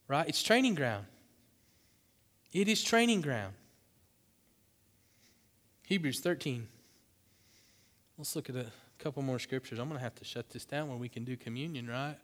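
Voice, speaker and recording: A man preaching a sermon to his church, passionate and swinging into loud, emphatic bursts. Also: medium pitch. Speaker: pastor. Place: church sanctuary. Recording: long hall reverb.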